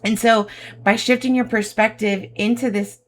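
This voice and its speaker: A woman's voice: a little high, fairly even intonation, moderate pace, slight background noise. A woman giving an effusive, emotional tarot reading to her viewers, calling them babe and my love. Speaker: tarot reader.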